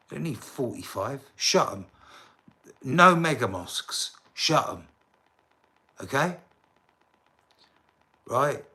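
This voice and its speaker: An English man rambles on a casual livestream, speaking straight to his chat viewers and now and then flaring up in indignant bursts. His voice sits at medium pitch and sounds pushed and bright.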